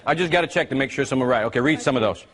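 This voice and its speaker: A male workshop presenter teaching a live seminar, energetic and constantly quizzing his audience with questions. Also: medium pitch, very fast.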